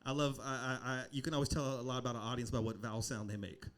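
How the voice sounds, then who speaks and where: A man's voice: mid-range voice, fast. A young adult man performing a standup comedy set on a club stage, telling a story and acting out the people in it. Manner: animated storytelling, acting out voices.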